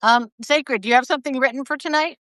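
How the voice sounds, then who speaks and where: A woman's voice: high-pitched, fast, a bit bright, no echo, studio quality. Wry, chatty woman hosting. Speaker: host keeping the session on track. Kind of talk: casual chat in a live audio room.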